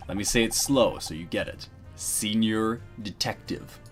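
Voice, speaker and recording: A gruff, impatient senior detective who barks orders, as a man reads him from a game. His low voice swings up and down when he scolds. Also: lively intonation, brisk, soft background music, lightly acted. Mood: stern. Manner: curt, bossy and commanding.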